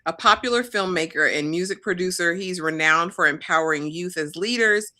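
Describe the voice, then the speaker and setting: Low-voiced woman sharing gossip. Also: fairly quick, pushed and bright. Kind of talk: live recap commentary.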